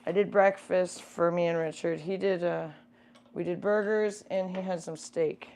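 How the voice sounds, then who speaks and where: Young woman rambling on a home livestream, kinda low voice, lots of ums. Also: steady tone, moderate pace, background noise. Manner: rambling and chatty, with many fillers. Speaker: livestream co-host. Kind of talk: casual chat.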